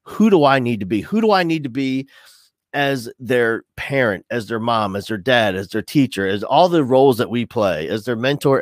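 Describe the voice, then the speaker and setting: A man's voice: lowish voice, dry recording, studio quality. A middle-aged man, an educator as podcast guest, talking casually and animatedly, with many restarts. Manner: animated, restless, full of restarts.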